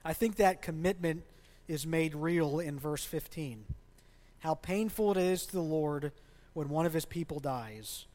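A man's voice: a little high, measured pace, darkish tone. A man preaching a sermon as a pastor in a church, speaking conversationally and asking the congregation questions. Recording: long reverb of a large hall.

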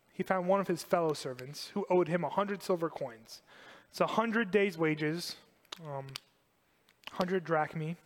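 Emphatic preaching man, high voice, big hall. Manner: animated, emphatic preaching with repetition. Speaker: pastor. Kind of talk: sermon.

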